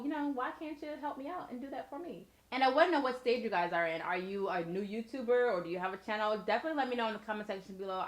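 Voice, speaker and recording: A young woman giving casual, encouraging advice to her viewers on her vlog. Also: medium pitch. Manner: chatty, encouraging, addresses viewers directly. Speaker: YouTuber and blogger. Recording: echoey room.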